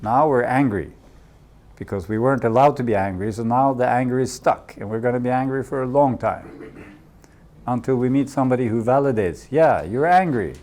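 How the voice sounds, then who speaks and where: A man's voice: mid-range voice, fairly quick, darkish tone. A Norwegian man leading a coaching workshop, speaking unhurriedly in English as a second language and repeating key phrases for emphasis. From Norway. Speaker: workshop leader. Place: community workshop room.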